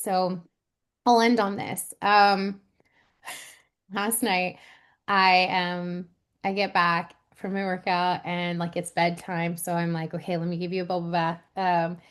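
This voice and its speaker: Woman co-host in her 30s, casual chat, animated and laugh-prone storyteller. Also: medium pitch, slow, smooth. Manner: animated storyteller, laughs often, many fillers. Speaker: podcast co-host.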